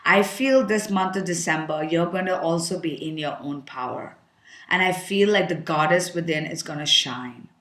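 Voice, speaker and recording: A woman with a fairly low voice talks through a tarot reading in a loose, frank, chatty way, thinking aloud as she goes. Her voice carries a noticeable roomy echo. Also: moderate pace, fairly bright tone. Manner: chatty and frank, thinking aloud, with filler words and the odd curse. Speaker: tarot card reader. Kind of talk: casual tarot reading to camera.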